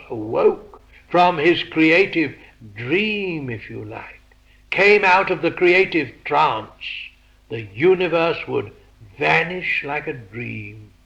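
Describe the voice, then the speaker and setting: A man giving a philosophical lecture, measured and posing rhetorical questions to his listeners. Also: fairly high pitch, gravelly, a bit bright, dull audio.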